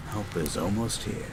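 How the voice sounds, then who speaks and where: A man playing a gruff but caring young medical student in a romantic audio roleplay, pleading and tender. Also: on the low side, background noise, exaggerated voice. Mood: coaxing.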